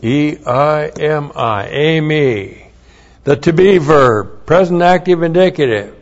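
A man's voice: a little high, slow pace. A man preaching a verse-by-verse Bible teaching sermon. He speaks in an emphatic way, repeats key phrases and spells out Greek words. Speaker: pastor. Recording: dull lo-fi sermon recording.

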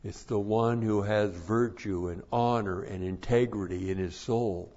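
A man preaching a sermon, slow and deliberate, repeating his numbered points for emphasis. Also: on the low side, steady tone, dark tone, highs cut off.

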